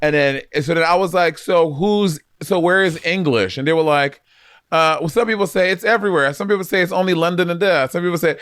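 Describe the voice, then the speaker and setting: A man's voice: a little high, fairly bright tone, no echo. Playful storytelling man, dry close sound. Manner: playful, storytelling with quick quoted voices. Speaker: podcast co-host. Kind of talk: casual chat.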